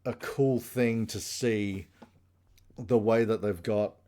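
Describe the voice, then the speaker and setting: A man's voice: on the low side, steady tone, slow pace, dark tone. Man rambling through a casual plot recap. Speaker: podcast co-host. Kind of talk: casual chat.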